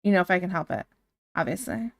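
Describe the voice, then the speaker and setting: A woman's voice: on the low side, fast. A woman streaming casually, chatting and laughing as she reads out her chat.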